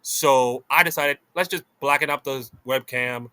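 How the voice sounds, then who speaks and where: A man with a Jamaican accent doing an esports reaction vlog at his desk, excitable and gushing, swinging between loud delight and muttered asides. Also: mid-range voice, measured pace, clear, resonant tone, no echo. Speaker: esports commentator. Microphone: desk mic, webcam off.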